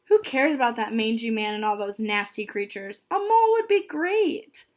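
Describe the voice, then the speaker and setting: Woman reading as spoiled rich girl, snappy, haughty, high-pitched, storybook. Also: lively intonation, moderate pace, lightly acted. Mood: snooty. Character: spoiled, snooty rich schoolgirl.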